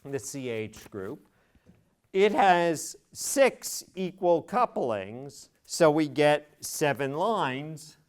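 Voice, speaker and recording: A man's voice: a little high, big pitch swings, very slow, clean tone. A middle-aged man giving a university chemistry lecture, spelling out each step methodically and stressing key words. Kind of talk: classroom lecture.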